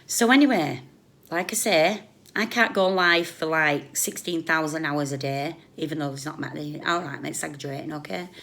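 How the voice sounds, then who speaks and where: On a live stream, a British YouTube commentator rants and scolds someone directly, blunt and sarcastic, lurching between raised outbursts and muttered asides. Her fairly low voice is creaky with a fairly bright tone, and she speaks at normal speed.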